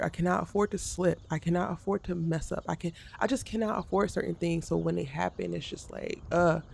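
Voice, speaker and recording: A woman's voice: sits low, vocal fry, warm tone. A woman content creator talking frankly to camera in a vlog, venting about the pressures of her day. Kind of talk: candid vlog monologue.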